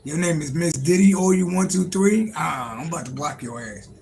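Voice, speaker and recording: A man hosts a casual livestream, riffing and swearing freely as he answers his chat. His voice sits a little high and carries a gravelly fry. A faint room ambience hums behind him. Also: animated, normal speed, darkish tone, slight background noise, rough recording. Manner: loose, profane, joking, talks to chat. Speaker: livestream host, tarot reader.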